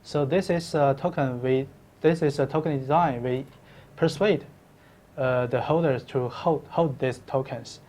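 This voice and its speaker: Halting man answering interview questions. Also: medium pitch, darkish tone. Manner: halting, with many fillers and restarts. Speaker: company co-founder guest.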